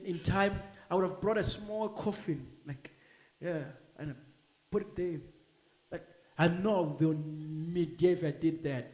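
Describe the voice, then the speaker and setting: A man preaching a sermon in a church, animated, acting out bits of dialogue with laughing asides. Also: high voice. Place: church hall. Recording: echoey church hall.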